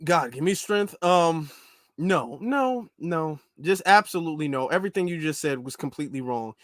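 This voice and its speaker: A man's voice: fairly high pitch, animated, moderate pace, fairly bright tone, dry recording, studio quality. An American man commentating on clips, exasperated and stammering through restarts as he argues. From United States. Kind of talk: reaction commentary.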